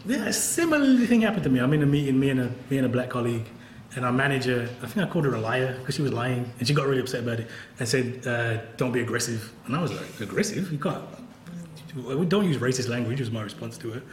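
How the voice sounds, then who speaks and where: Brief: quick, candid male professor, wry and laughing, roomy hall sound. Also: mid-range voice, lively intonation, slight background noise. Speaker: professor and author. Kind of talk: conversational talk at a book event.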